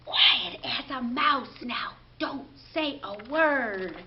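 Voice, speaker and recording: Woman, high animated voice, slow sing-song rhymes for babies, dull lo-fi recording. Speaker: children's librarian. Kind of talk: baby story time, rhymes and songs.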